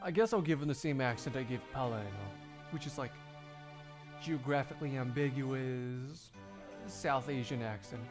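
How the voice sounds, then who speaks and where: A man's voice: medium pitch, normal speed. Guy doing a live game fandub, chatty offhand asides, game music playing. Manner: casual, self-deprecating asides. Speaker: fandub streamer.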